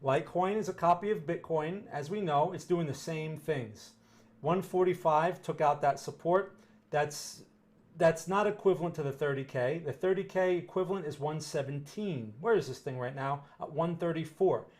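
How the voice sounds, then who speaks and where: Higher-voiced man giving casual market commentary. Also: moderate pace, a little mellow. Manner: conversational, restarts and repeats phrases for emphasis. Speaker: market analyst answering chat questions.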